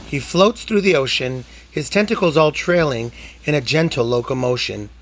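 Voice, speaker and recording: A man reading a rhyming picture book aloud to a child, with expressive, rhythmic delivery. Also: fairly high pitch, normal speed, a little hiss or hum. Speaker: storybook reader.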